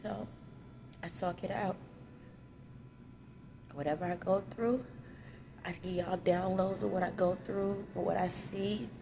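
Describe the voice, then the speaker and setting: A mother vlogging from a hotel lobby tearfully confesses her pain to viewers, speaking rawly and candidly in everyday vernacular. Her lowish, gravelly voice stays fairly even and unhurried, broken by long pauses, amid heavy background noise.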